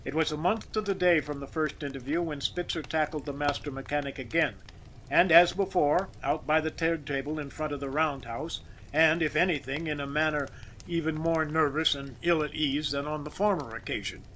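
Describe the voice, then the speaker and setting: A male audiobook reader tells a classic story with expressive, measured storytelling. His voice is bright and sits a little high, with a sharp edge. Faint noise hums underneath. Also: low-quality recording. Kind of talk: scripted narration of a classic story.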